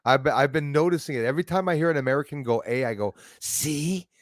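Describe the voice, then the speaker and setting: A man whose first language is French, hosting a casual chat and telling animated stories with mimicked accents. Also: on the high side, quick pace, no echo. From Canada. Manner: animated storyteller, mimics accents, laughs often. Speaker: channel host.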